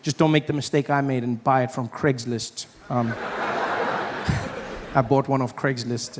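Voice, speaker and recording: A man's voice: mid-range voice, noisy background. A man performing a stand-up comedy set, telling stories and acting out the people in them. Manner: animated storytelling, acts out other voices.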